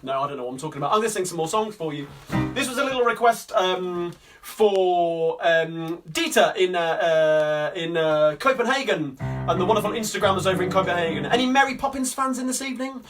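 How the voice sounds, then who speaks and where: A man from Coventry, England hosts a live-streamed sing-along, filling the gaps between songs with upbeat, rambling banter and lots of fillers. His voice is high-pitched and a little fast, picked up by a distant mic with guitar playing.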